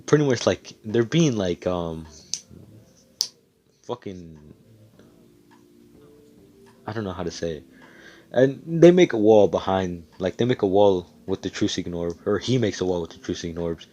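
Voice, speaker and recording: His voice sits low at normal speed, with frequent pauses and dull-sounding audio. Over a computer mic on voice chat, he casually rambles through a made-up fan story, swearing often and getting worked up.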